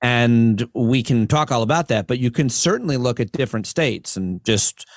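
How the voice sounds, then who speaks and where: A man, a comic and podcast host, talking as a guest on a casual podcast and building long, earnest arguments in quick bursts. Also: medium pitch, lively intonation, dry recording, studio quality.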